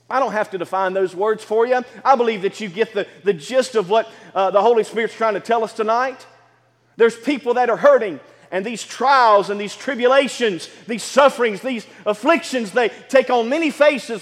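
A man's voice: sits high, big-room sound. A man preaching a sermon as pastor of a church, repeating phrases and building emphasis as he speaks. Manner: preaching with repetition and rising emphasis.

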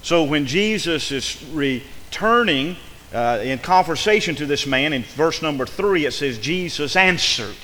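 A man's voice: fairly high pitch, lively intonation, measured pace, bright, forceful tone, long reverb tail, a little hiss or hum. A man preaching a sermon from the pulpit, building into emphatic, chanting repetition. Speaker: pastor. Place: church sanctuary.

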